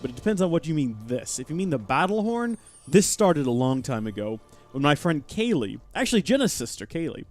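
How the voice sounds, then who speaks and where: A man's voice: fairly high pitch, a little fast, faint music behind. A young man streaming live gameplay, chatting and thanking viewers as he plays. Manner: chatty and animated, thanking chat mid-game.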